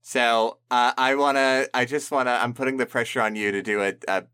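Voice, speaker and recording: A man's voice: medium pitch, steady tone, brisk, bright, forceful tone, clean tone. A man hosting a music podcast in casual, jokey chat, often restarting his sentences. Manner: jokey, laughing, stammering restarts. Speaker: podcast host.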